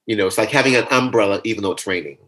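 A man being interviewed in a casual conversation, talking in a playful, animated way that jumps into high comic voices. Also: racing, poor audio. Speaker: interview guest.

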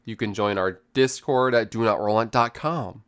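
A man's voice: fairly low pitch, moderate pace, a bit bright, clean tone. A man co-hosting a casual podcast who talks in a rambling way, full of hedges. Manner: rambling, hedging with "like". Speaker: podcast co-host.

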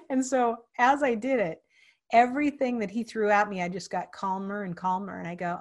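A woman hosting a casual interview show, telling stories with lots of energy. She acts out the people in her stories and often restarts her sentences with fillers. Her voice sits at a middle pitch. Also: brisk. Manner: animated storyteller, acts out quoted voices. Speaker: podcast host.

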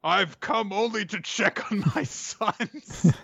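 Grandiose giant werewolf, tossed off by a man, higher, bright-toned, mock-theatrical. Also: slow, vocal fry, slightly rough, no room sound, full character voice. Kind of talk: casual recap with impressions.

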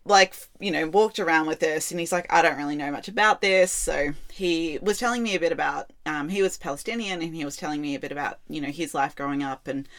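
A woman podcast co-host chatting casually, playful and quick to laugh. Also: low-pitched. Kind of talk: casual chat.

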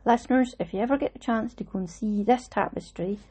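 A woman's voice: a little high, brisk, husky. A middle-aged woman, telling a casual story about a shared embroidery project and using Scots words along the way. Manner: chatty, warm reminiscing with Scots words. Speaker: vlogger talking about her embroidery project.

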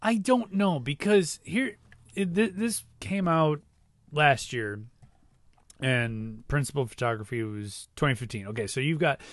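A man's voice: fairly high pitch, unhurried, no room sound. A man co-hosting a podcast, chatting casually and jokingly about a movie, thinking aloud as he goes. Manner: animated, jokey, thinks aloud. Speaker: podcast co-host.

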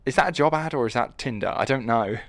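A man's voice: mid-range voice, animated, fast talker, dry recording. A man hosting a casual, joking history podcast, rambling and swearing freely as he tells the story.

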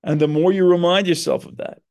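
A man's voice: sits high, fairly even intonation, brisk, darkish tone, smooth. A man who is a psychotherapist and podcast host, talking earnestly in a reflective monologue and stressing his points. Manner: earnest, explanatory, with emphatic stresses.

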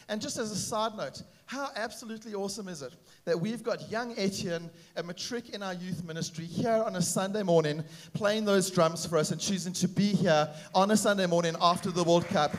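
Upbeat high-voiced pastor. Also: male voice, normal speed. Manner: upbeat, animated preaching with frequent "uh" fillers. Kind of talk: sermon. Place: church gathering.

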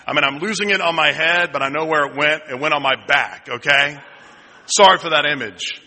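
Bright-voiced pastor in a reverberant church. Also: male voice, on the high side, a little fast, slight background noise. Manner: storytelling with self-deprecating humor. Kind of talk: sermon. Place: church sanctuary. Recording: long reverb in a church hall.

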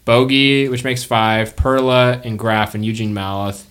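A man narrating as game master of a tabletop role-playing game, in a relaxed, chatty way with fillers. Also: medium pitch, measured pace.

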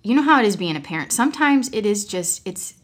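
A woman's voice: mid-range voice, big pitch swings, quick pace. A mother sharing a personal story as a guest, frank and rambling, breaking into laughter often. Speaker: podcast guest; mother of several children.

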